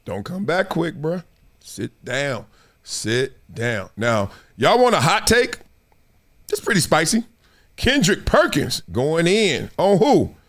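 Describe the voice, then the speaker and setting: A man hosting a sports talk stream in a casual, slangy, animated way, laughing often. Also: fairly high pitch, a little slow. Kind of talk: casual live-stream commentary.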